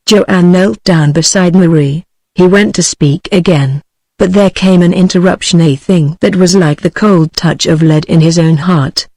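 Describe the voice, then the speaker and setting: A synthetic text-to-speech voice of a woman with a British English accent, narrating a novel in a steady, even, machine-like delivery. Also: lowish voice, no room sound, low-quality recording. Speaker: audiobook narrator.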